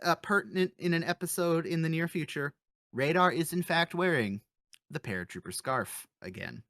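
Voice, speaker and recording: A podcast host giving a lively, chatty episode recap, with frequent fillers and quick laughs. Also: medium pitch, dry recording, studio quality.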